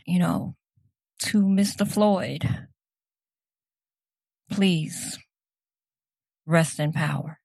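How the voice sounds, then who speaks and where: A woman's voice: lowish voice, drawn-out words, vocal fry, long pauses, darkish tone, husky, no room sound. A woman giving an impassioned personal address, speaking earnestly and emphatically and repeating phrases for stress.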